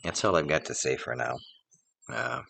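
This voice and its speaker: A man hosting, telling parables and reflecting in a measured, plainspoken way with filler pauses. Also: extremely low pitch, big pitch swings, gravelly, pushed and bright, breathy edge, dry recording. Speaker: host. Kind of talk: storytelling and reflection.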